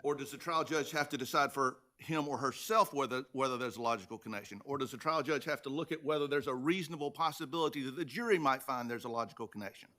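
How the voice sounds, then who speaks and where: A male justice presses an attorney from the bench with sharp, probing questions. His mid-pitched voice has a bright, forceful edge that cuts through the courtroom. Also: quick pace, few pauses. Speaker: appellate justice. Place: appeals courtroom.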